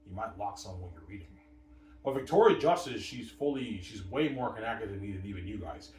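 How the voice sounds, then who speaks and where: A man's voice: on the low side, expressive, fairly quick, a little mellow. A man talking in a repetitive, profane, rambling monologue. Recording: echoey room, mic far off.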